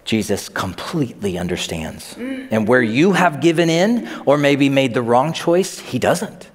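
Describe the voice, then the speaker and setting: A lively male pastor delivers a sermon, his pitch swinging widely as he acts out the people he quotes. He sounds middle-aged and conversational. A long reverb from the sanctuary hangs behind every word. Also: a little slow. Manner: animated storytelling, acts out quoted voices.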